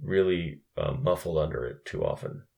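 A man's voice: extremely low pitch, lively intonation, normal speed, gravelly, darkish tone. A young man co-hosting a casual film chat, rambling with restarts and cursing freely. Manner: rambling, profane, with frequent restarts. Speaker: podcast co-host.

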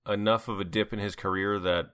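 A man's voice: lowish voice, fairly even intonation, fairly quick, fairly bright tone, smooth, dry recording, studio quality. A man co-hosting a casual movie podcast, joking and laughing often. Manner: jokey, laughs often, does goofy voices. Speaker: podcast co-host.

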